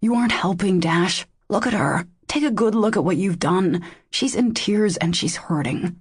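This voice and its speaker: A woman's voice: medium pitch, normal speed, husky, dry recording, studio quality. A woman voicing a furious, protective man. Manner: angry and confrontational. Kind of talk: audiobook character voice.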